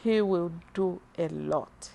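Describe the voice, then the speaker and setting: A middle-aged woman giving an earnest, emotional faith testimony in an interview, speaking slowly from the heart. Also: on the low side, vocal fry, dark tone, a little hiss or hum. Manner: earnest, slow and heartfelt, moved to tears at times. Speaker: church member giving a testimony.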